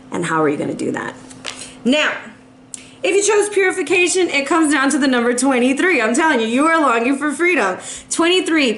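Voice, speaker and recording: A woman giving a monthly tarot reading to camera, chatty and emphatic, often checking in with her listeners. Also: sits high. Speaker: tarot reader.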